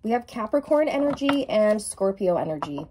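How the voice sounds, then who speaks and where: A woman doing an effusive, emphatic tarot reading, stretching out key words and now and then singing a lyric softly. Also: medium pitch, sing-song, moderate pace, slight background noise. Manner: sings song lyrics softly at times. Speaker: tarot reader.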